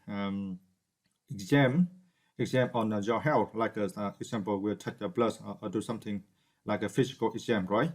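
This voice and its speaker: A man whose first language is Vietnamese, teaching English vocabulary off the cuff, with many hesitations and repeated checks like "right?". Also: lowish voice. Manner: hesitant, many fillers and restarts; asks "right?" to check understanding. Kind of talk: unscripted vocabulary lesson.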